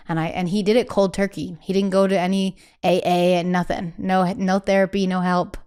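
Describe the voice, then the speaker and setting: A young woman as a podcast guest, candidly telling a personal story in quick, emphatic bursts with quoted asides. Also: on the low side, little pitch movement, darkish tone, smooth. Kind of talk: candid conversational interview.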